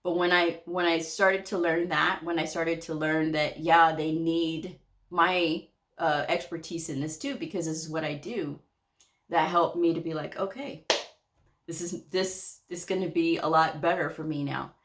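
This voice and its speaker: Chatty low-voiced woman telling work stories. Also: fairly even intonation, moderate pace, a bit bright. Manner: chatty, laughs often, acts out quoted dialogue. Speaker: medical coder. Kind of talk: casual storytime vlog.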